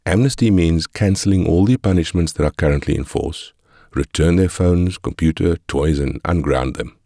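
A man with an extremely deep voice reads a parenting guide aloud in measured, instructive short phrases. The recording is dry and close, with no room sound. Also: gravelly, mellow, dry recording. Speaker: audiobook narrator. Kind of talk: scripted narration of a parenting guide.

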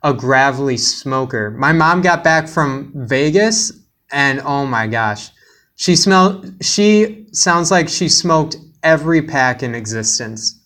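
A man's voice: medium pitch, animated, slow pace, pushed and bright. Joking man hosting a podcast. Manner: joking, playful storytelling. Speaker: podcast host. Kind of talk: casual podcast chat.

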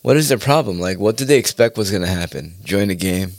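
A man's voice: sits low, lively intonation, fast talker, no room sound, studio quality. A man ranting casually in a rambling, profane monologue, often laughing at his own points.

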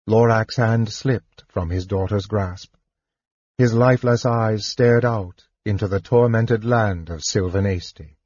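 A man narrating a fantasy audiobook in a measured, even way. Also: fairly low pitch, slightly rough, no echo, muffled recording. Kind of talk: scripted narration.

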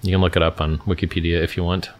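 Blunt, deep-voiced man answering chat. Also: level tone, quick pace. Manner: blunt, offhand, lots of "like" and "dude". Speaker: livestream host answering chat questions. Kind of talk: casual livestream Q&A.

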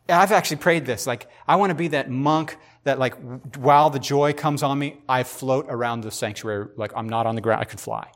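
A man hosting a podcast, talking in a casual devotional way, animated and speculative, often repeating himself for emphasis. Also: mid-range voice, brisk, few pauses. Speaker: podcast host.

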